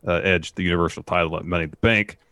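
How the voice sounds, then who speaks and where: A man's voice: low voice, fairly even intonation, rapid-fire, fairly bright tone, no echo. A man co-hosting a podcast, recapping wrestling in a laid-back way with dry humor. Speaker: podcast co-host. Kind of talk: casual wrestling recap chat.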